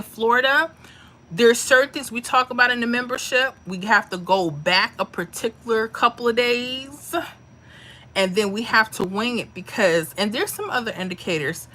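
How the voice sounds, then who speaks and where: With a sharp tone, a high-leaning pitch, and a normal speaking speed, this woman runs a lottery livestream. She reads comments in casual chat and addresses viewers as mama and honey.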